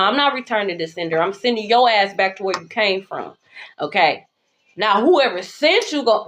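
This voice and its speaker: A woman's voice: medium pitch, a bit bright, slight background noise. Blunt, profane woman tarot reader. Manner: blunt, profane and emphatic, repeating "okay?". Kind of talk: spiritual channeled message.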